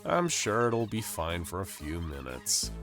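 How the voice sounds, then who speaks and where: A man voicing a dismissive, sarcastic female researcher in an animated story who scoffs at everything. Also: low voice, measured pace, soft background music, full character voice.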